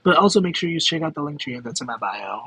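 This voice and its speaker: A quick-talking, expressive man with a fairly high, pushed, bright, slightly rough voice reads tarot on a livestream, captured in low quality. His casual chat with viewers rambles, keeps restarting, and is full of fillers and giggles.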